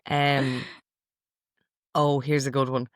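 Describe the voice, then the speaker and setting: A woman's voice: extremely low pitch, little pitch movement, slow pace, no room sound, studio quality. A middle-aged woman hosting a casual podcast, reading out quotes from a list in a chatty, amused way. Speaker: podcast host.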